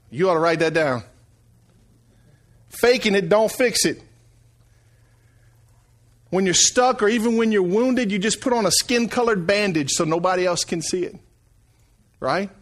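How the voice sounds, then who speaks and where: A man's voice: sits high, a bit bright. A middle-aged man preaching a sermon in a folksy, conversational way, calling out to the congregation. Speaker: pastor.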